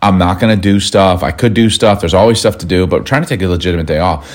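A man, married over two decades, co-hosting a casual chat and telling stories in an animated way, acting out lines in changed voices. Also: deep voice, quick pace. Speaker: podcast co-host.

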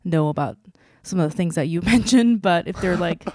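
A woman's voice: lowish voice, moderate pace, mellow, no echo, clean studio sound. A woman co-hosting a podcast in casual chat, heartfelt and chatty with lots of "like". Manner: chatty, heartfelt, many "like" fillers. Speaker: podcast co-host.

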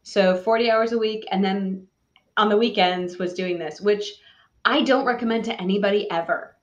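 A woman's voice: medium pitch, moderate pace, dull audio. A middle-aged woman from the San Francisco Bay Area, a podcast guest telling her story in a candid, wry way with frequent laughs. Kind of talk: casual interview storytelling.

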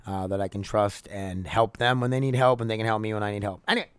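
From his home by the laundry room, a young man runs a solo podcast, rambling openly and cursing often into a podcast microphone. His voice is fairly low, steady, clear and resonant, his pace quick, with no echo.

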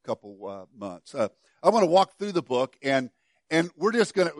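A middle-aged pastor preaching a sermon, telling a story with many stammered restarts and dropping to soft, quiet passages. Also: male voice, on the high side, big pitch swings, moderate pace, no echo, studio quality.

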